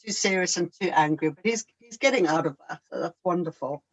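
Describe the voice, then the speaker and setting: A woman's voice: lowish voice, fairly quick, rough recording. Chatty woman who laughs a lot. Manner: chatty, laughs often, mimics others. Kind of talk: casual conversation.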